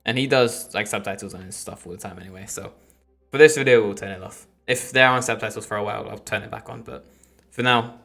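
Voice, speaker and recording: A man's voice: lowish voice, quick pace, vocal fry, sharp tone, soft background music. A man streaming a reaction video, chatting in rambling asides to his viewers. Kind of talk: casual reaction commentary.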